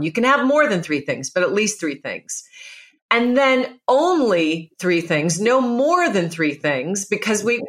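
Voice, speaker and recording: A woman's voice: mid-range voice, fairly bright tone. Woman coaching on voice and presence. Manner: emphatic, instructive, lists steps. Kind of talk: podcast interview advice.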